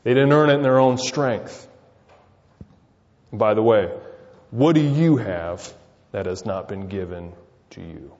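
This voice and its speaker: A man preaching a sermon, peppering it with rhetorical questions and swinging between loud emphasis and quiet asides. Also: lowish voice, a little slow, long pauses. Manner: rhetorical, keeps asking "right?". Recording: dull sound with long reverb.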